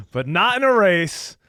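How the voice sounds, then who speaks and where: An upbeat, jokey man co-hosts a podcast, reading shout-outs and teasing his co-host. His voice sits a little high for a man. It is recorded close and dry, with no room sound. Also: dry recording. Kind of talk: casual podcast chat with sign-offs.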